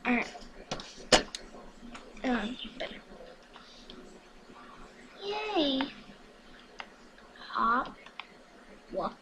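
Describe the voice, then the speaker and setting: A woman's voice: a little high, animated, takes it slowly, long pauses, background noise. A woman recording casual gameplay commentary at home, hyper and chatty, with frequent whispered asides. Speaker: gaming vlogger.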